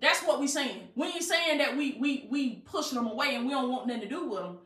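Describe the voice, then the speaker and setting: High-voiced woman preaching with emphatic calls. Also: fast, fairly bright tone, echoey room, faint music behind. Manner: emphatic, call-and-response phrasing, colloquial. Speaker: life coach. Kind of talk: motivational preaching.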